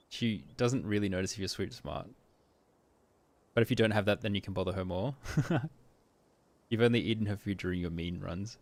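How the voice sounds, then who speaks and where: A man's voice: on the low side, normal speed, pauses often, no room sound. A man casually commenting while streaming a game, laughing often and reading the game text aloud.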